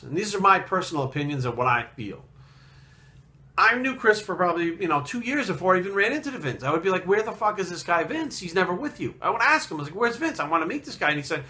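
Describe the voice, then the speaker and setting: A man's voice: high-pitched, pushed and bright. A man hosting a fitness channel, talking bluntly and profanely in a heated, casual rant, often acting out what others said. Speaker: fitness video host. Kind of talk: casual ranting monologue.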